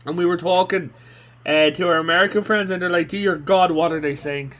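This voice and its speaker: An Irish man on a casual chat panel, teasing and quick to laugh. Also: high-pitched, steady tone, fairly bright tone. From Ireland.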